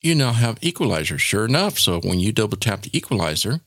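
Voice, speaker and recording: A man hosting a casual software tutorial, explaining each step in an informal, demonstrative way. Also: on the low side, sing-song, fast, no room sound, clean studio sound. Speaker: tech tutorial host.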